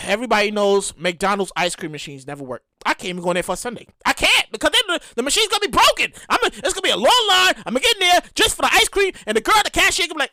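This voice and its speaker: Animated, foul-mouthed woman podcast host. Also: high voice, rapid-fire, no room sound, clean studio sound. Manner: animated, profane, repeats herself and acts out quotes. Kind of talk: casual solo podcast commentary.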